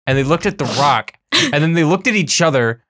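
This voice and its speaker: A man chatting on a podcast who tells stories in a rambling, self-mocking way. His pitch swoops up and down freely, and the sound is close and dry with no room echo. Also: very animated, fairly quick, bright, forceful tone. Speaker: podcast co-host. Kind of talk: casual chat. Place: small recording room.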